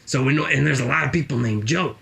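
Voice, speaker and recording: A man's voice: medium pitch, fast, gravelly, crowd noise. A man playing a boastful, rambling jobless guy with a put-on accent, spinning tall tales in an improvised comedy interview.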